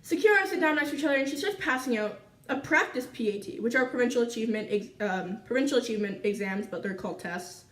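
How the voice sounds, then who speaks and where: A teenage girl from Canada telling a school story to her viewers in a chatty, animated way full of fillers. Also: fairly high pitch, quick pace, echoey room, far from the mic. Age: teens. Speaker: vlogger. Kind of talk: casual storytime chat.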